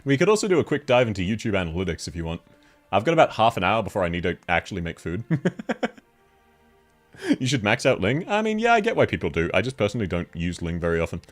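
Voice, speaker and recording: Man, Australian accent, casual stream chat, frequent laughs, low voice, faint music behind. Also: sing-song, quick pace. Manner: chatty, laughs often, answers chat. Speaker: game streamer.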